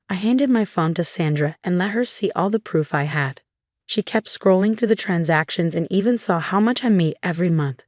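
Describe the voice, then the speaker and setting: A woman narrating a first-person story in scripted narration, with an even, flat storytelling delivery. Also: lowish voice, normal speed, dry recording, clean studio sound.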